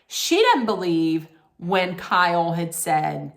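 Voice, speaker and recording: A woman's voice: lowish voice, lively intonation, slow, fairly bright tone. A woman hosting a casual TV recap, chatty and rambling, often correcting herself mid-sentence. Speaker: host.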